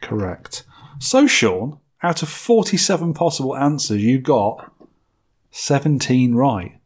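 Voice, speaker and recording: A man's voice: medium pitch, sing-song, slow, husky. A man hosting a casual podcast, quizzing his co-host with teasing remarks and reading out listener mail. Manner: teasing quizmaster, reads listener mail aloud.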